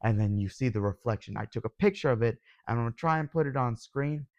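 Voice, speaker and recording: A young man giving a casual, excitable review as a video host, gushing and sometimes yelling. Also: mid-range voice, fast, dry recording, muffled recording. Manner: excitable, gushing, yells when thrilled. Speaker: YouTube reviewer.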